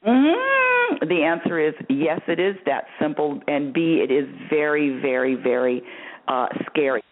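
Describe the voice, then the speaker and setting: A woman hosting a call-in radio show, repeating her points for emphasis and calling the caller honey. Her voice swoops up high when she stresses a point, and she laughs often. The sound is narrow and phone-like. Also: very animated, unhurried. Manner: emphatic and repetitive, calls the caller honey and dear. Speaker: radio host answering callers. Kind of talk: spiritual advice call-in show.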